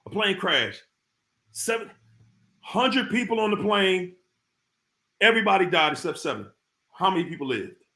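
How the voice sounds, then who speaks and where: A man's voice: high voice, lively intonation, normal speed, creaky, long pauses, sharp tone. A man hosting a casual live stream, talking straight to his viewers in informal slang and repeating his points for emphasis. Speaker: live-stream host talking about narcissists.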